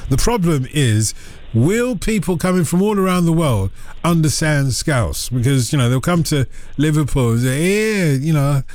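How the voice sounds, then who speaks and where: A man's voice: on the high side, expressive, normal speed, darkish tone, no echo. A man hosting a radio phone-in, chatting in a playful, teasing way. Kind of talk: casual phone-in chat. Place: radio studio.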